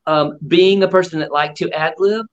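A man's voice: a little high, normal speed, dull audio. A middle-aged man and ventriloquist guest, telling stories in a casual interview and acting out other people's lines with animation.

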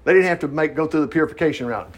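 Guy preaching a laid back bible study, kinda high voice, folksy asides as he reads along. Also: racing. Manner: folksy, conversational, reads scripture aloud and riffs with asides and chuckles. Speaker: pastor. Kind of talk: informal Bible study sermon.

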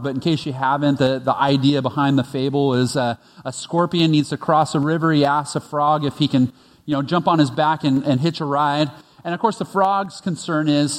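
A man preaching a conversational sermon as pastor, telling stories with frequent restarts. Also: on the high side. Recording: long reverb of a large hall.

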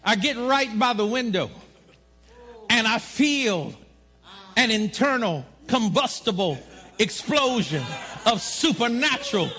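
A man preaching a sermon to a congregation, shouting and telling a story with emphasis. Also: very high-pitched. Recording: live church crowd audible.

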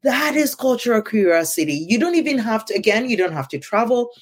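A woman's voice: on the high side, big pitch swings, a little fast, slightly rough. Chatty podcast co-host woman. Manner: affirming, praising, fillers like "you know". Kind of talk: casual conversation.

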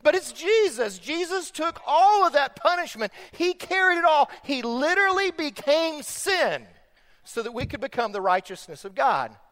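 Pastor, male, very high voice, emphatic delivery that rises loud and drops quiet, in a reverberant sanctuary. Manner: emphatic preaching that swings between loud stressed phrases and quiet slow ones. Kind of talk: sermon. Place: church sanctuary.

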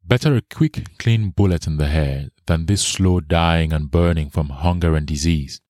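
A man's voice: rumbling low, moderate pace, darkish tone, no room sound, studio quality. A man reading as a weary grieving mother. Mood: bitter. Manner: toneless, simple speech rising to anguish. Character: poor grieving young mother, weary, pleading.

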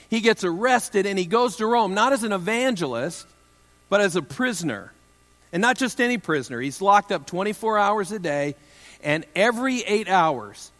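A man's voice: sits high, a bit bright, long reverb tail. A pastor preaching a sermon in a conversational, humorous way, with joking asides to his listeners.

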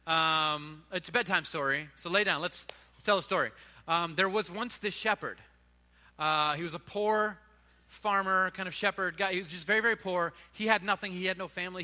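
A man's voice: high voice, steady tone, fairly quick, bright, forceful tone, in a large hall. A man giving a sermon, telling stories in an informal, conversational way. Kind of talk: sermon storytelling.

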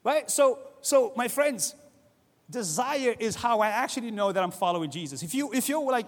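A middle-aged man preaching a sermon as a pastor, conversational and animated, acting out quoted voices. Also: high-pitched, moderate pace, big-room sound.

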